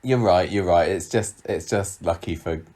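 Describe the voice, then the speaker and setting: A man co-hosting a podcast, casually recapping a soap episode with frequent chuckles and musing pauses. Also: deep voice, a little mellow. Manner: chatty, giggly, drawn-out musing pauses. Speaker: podcast co-host.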